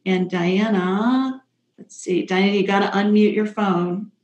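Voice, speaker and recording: A woman's voice: mid-range voice, measured pace, a little mellow, highs cut off. Upbeat, chatty female call-in host in a roomy-sounding space. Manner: chatty, upbeat, self-joking. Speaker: radio show host and psychic. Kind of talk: casual call-in show chat. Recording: roomy echo.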